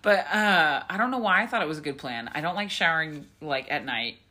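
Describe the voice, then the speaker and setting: Bright, animated young woman chatting. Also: deep voice, brisk. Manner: chatty, laughs often, trails off into asides. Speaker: podcast co-host or guest. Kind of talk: casual chat.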